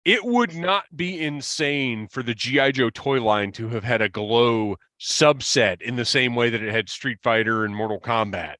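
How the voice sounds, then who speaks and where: A man co-hosting a podcast in casual chat, animated and quick to exclaim. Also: medium pitch, no echo, studio quality. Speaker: podcast co-host.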